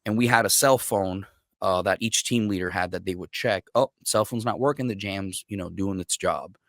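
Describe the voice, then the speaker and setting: Low-voiced man telling war stories. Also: normal speed, no echo, studio quality. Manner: profane, animated storyteller who acts out quotes. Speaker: podcast guest, military veteran. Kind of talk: casual storytelling.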